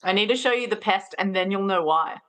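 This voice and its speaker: A woman's voice: mid-range voice, brisk, a bit bright. A woman co-hosting a film podcast, gushing casually and giggling. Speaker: podcast co-host, school teacher.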